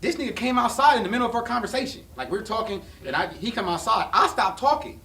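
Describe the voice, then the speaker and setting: Fast, high-pitched man telling stories. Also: creaky. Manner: animated, loud bursts, many restarts. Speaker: podcast guest. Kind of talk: casual storytelling chat. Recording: roomy, distant mic, faint noise.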